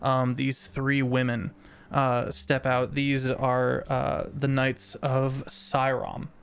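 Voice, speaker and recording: A man narrating a tabletop role-playing game as game master, halting with many fillers. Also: medium pitch, completely flat delivery, gravelly, smooth.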